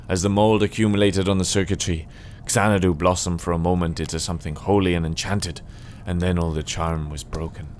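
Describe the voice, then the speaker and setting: A man reading game dialogue as a gloomy, reclusive male software creator, speaking slowly and softly with a mournful tone. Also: sits low, a little hiss or hum, close to an everyday voice. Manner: slow, soft, mournful delivery. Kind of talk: voice acting a game's dialogue.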